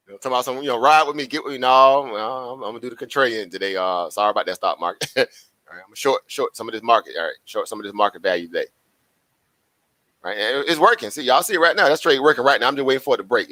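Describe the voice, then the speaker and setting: A man's voice: mid-range voice, sharp tone, dry recording. A man hosting a live trading stream, chatty and repetitive, asking rhetorical questions and laughing often. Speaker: live-stream stock trader. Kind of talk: casual live-stream commentary.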